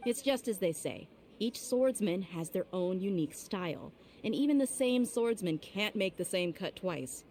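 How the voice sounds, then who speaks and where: A woman's voice: mid-range voice, expressive, normal speed, few pauses, mellow, slight background noise, close to an everyday voice. A woman playing a blunt swordswoman. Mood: steady. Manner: blunt and self-assured. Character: confident young swordswoman mercenary. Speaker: professional fighter. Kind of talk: video game voice acting.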